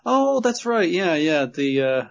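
A man's voice: high-pitched, sing-song, a little slow, gravelly. A man casually and animatedly recapping an episode on a podcast, swearing and laughing often. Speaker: podcast co-host. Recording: muffled lo-fi audio.

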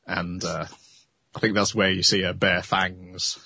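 A man's voice: low-pitched, flat delivery, measured pace, creaky, sharp tone, husky, no room sound. A man hosting a casual podcast, recapping an anime episode with frequent laughs. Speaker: podcast host.

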